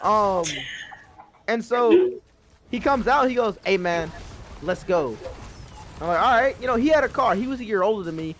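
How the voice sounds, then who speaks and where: A man in his twenties telling a rambling, profane story casually while gaming, breaking into loud, excited bursts. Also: very high voice, brisk.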